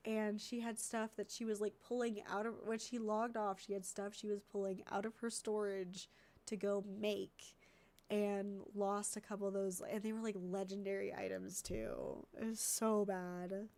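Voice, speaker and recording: A woman's voice: medium pitch, level tone, moderate pace, darkish tone. A congested woman streamer chatting casually and thinking aloud while editing videos, easily distracted.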